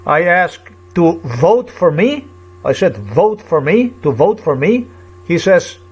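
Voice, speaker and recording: A man's voice: on the high side, animated. Agitated man telling a rambling story. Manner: halting, repetitive, searching for words; agitated and indignant. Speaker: vlogger. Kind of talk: rambling personal account.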